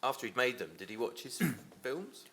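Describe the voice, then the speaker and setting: A man interviewing a guest, asking questions in a lively, prompting way. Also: mid-range voice, normal speed, slight background noise.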